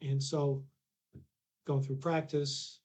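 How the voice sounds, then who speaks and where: A man's voice: mid-range voice, little pitch movement, takes it slowly, darkish tone. A man, a podcast guest telling a long anecdote with restarts and acted-out dialogue. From Canada. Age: 60s. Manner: rambling anecdotes with restarts, acts out quoted dialogue. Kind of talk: casual storytelling.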